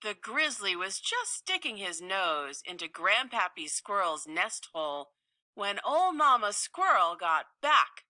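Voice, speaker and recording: A woman reading a children's story aloud with slow, playful, expressive delivery. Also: mid-range voice, no echo, studio quality.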